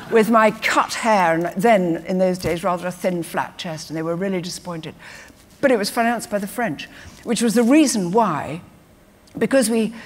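An older woman, an actress, telling lively anecdotes on stage and acting out quotes. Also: mid-range voice. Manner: lively storyteller who acts out quotes. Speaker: guest actress. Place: festival stage before an audience. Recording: reverberant live hall.

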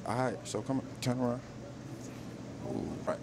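A man's voice: medium pitch, fairly even intonation, moderate pace. A man doing brash, slangy comedic street interviews as a roving reporter, recorded outdoors on a city street. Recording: noisy outdoor street with traffic.

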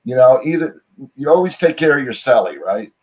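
A man's voice: medium pitch, big pitch swings, fairly quick. A middle-aged American man, an interview guest, telling stories in a rambling way full of "you know" and restarts over a remote call. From United States. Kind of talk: casual interview storytelling.

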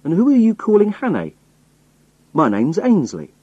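A man's voice: sits high, wildly swooping pitch, normal speed, dark tone, breathy edge, dry recording, lo-fi sound, voice pushed up, exaggerated voice. A man voicing a hunted, pleading sailor. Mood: pleading, angry. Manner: pleading, agitated protesting. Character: hunted young man faking a rough sailor.

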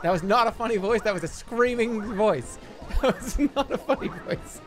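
Animated, high-voiced male streamer. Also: normal speed, soft background music. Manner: playful, swearing, laughing, goofy voices. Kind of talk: live-stream gameplay commentary.

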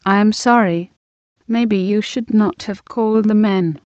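Storybook role: anxious, disapproving senior wife voiced by a woman, slow, dry muffled recording. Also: mid-range voice, a little mellow, no echo, natural voice. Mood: apologetic. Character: older senior wife, stern and worried.

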